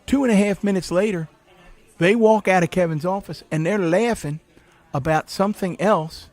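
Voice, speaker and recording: A middle-aged man as a podcast guest, telling animated anecdotes with frequent laughs in a cafe interview. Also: high voice, normal speed. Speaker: podcast guest, former county executive. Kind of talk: casual interview storytelling.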